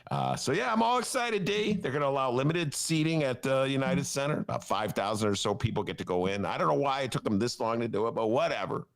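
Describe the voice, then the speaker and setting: A man co-hosting a podcast in casual chat, rambling and animated, laughing often. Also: medium pitch, fast talker, gravelly, few pauses. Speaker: podcast co-host.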